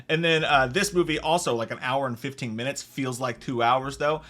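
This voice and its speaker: A man's voice: medium pitch, fairly quick. A young man hosting a comedic movie review, ranting with heavy swearing and mocking impressions of the characters. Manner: profane, animated, mocking impressions.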